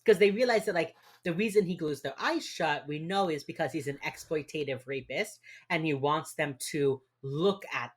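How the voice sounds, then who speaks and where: A woman's voice: deep voice, normal speed, hardly any pauses, breathy edge. A woman co-hosting a podcast, recapping a TV episode in casual chat with wry, dry asides. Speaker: podcast co-host.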